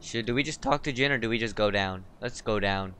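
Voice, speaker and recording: A man's voice: lowish voice, brisk, fairly bright tone, a little hiss or hum. A young man casually bantering while playing a co-op video game. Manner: joking, laid-back banter. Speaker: gamer recording co-op let's play. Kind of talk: casual gaming chat.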